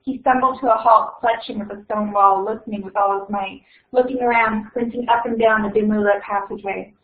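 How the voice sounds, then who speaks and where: A young woman hosting an online reading event and reading a story aloud, chatty and unhurried, with plenty of fillers. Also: medium pitch, fairly even intonation. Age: young adult. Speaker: event host and reader. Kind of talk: casual hosting and book reading. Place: at home on a video call. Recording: echoey tinny online call audio.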